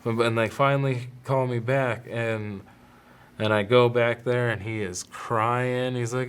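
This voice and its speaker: A man's voice: medium pitch, flat delivery, a little slow, fairly bright tone, smooth. A man in his thirties, hosting a podcast, who tells a personal story in a loose, rambling way, with restarts and quoted dialogue. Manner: rambling, self-interrupting, with laughs and quoted voices. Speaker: podcast host. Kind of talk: casual storytelling monologue.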